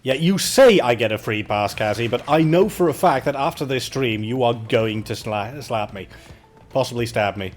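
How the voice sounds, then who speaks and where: A man's voice: mid-range voice, moderate pace, faint music behind. A man chatting casually with viewers while playing a game on a charity livestream, joking and poking fun at himself. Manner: joking, self-mocking, chats with viewers.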